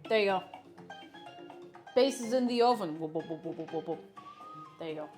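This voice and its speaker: Baking on stream in her home kitchen, an Irish woman with a lowish, darkish voice talks animatedly at a moderate pace while soft music plays. She keeps the chat casual, teasing her viewers and joking around with them.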